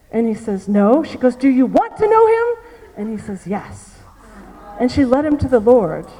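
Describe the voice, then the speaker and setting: A woman's voice: extremely high pitch, dark tone. A woman preaching a sermon, telling a personal story and repeating key phrases for emphasis. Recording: long reverb of a large hall.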